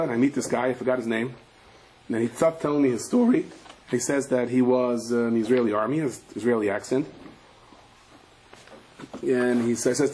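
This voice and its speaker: A middle-aged man, a rabbi, giving a sermon full of animated, rapid storytelling. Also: mid-range voice.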